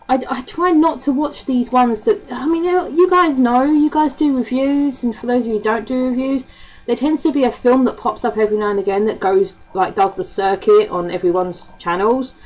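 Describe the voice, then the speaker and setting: Her voice sits high and darkish, moving at a normal speed, as this East End woman with a Cockney accent chats to camera in vlog style. She swears freely, laughs a lot and uses plenty of ums. The recording is poor.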